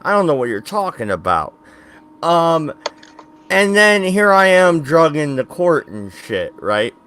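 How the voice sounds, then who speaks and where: A man's voice: fairly high pitch, very animated, measured pace, a bit bright, a little hiss or hum. A man co-hosting a podcast in casual chat, telling a rambling story with fillers and laughs. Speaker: podcast co-host.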